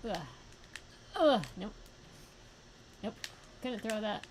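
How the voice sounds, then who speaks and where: Young woman streamer, lively pitch, gravelly fry, unhurried between yelps, faint hiss behind. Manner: excitable, yelps and laughs at the game. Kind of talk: live gameplay commentary.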